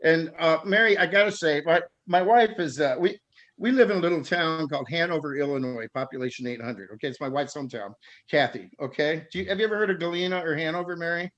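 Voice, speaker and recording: A man's voice: a little high, quick pace, fairly bright tone, muffled recording. A man from Southern California doing rambling stand-up comedy over a video call, stammering through restarts and laughing at his own jokes. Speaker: stand-up comic.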